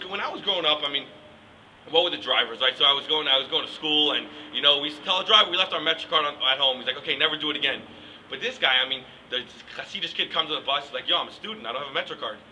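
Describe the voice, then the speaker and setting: A man's voice: a little high, fast talker, pushed and bright, slight background noise, low-quality recording. A young man, rambling through a casual comic rant with many "like"s and "I mean"s. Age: young adult. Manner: rambling, joking, full of "like" and "I mean". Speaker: yeshiva student comic.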